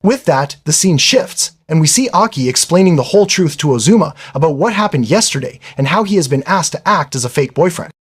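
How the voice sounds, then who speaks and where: Lively husky-voiced man recapping an episode. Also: a little high, fairly quick, hardly any pauses. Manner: chatty, exclaims "man" and "I mean". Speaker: anime recap narrator. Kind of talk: casual episode recap narration.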